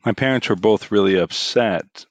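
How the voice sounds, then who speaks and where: A middle-aged man recounts a story in a fairly low voice, casual and animated, pushing his voice up as it builds to the punchlines. The sound is dry and close, with no room around it. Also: normal speed, no echo.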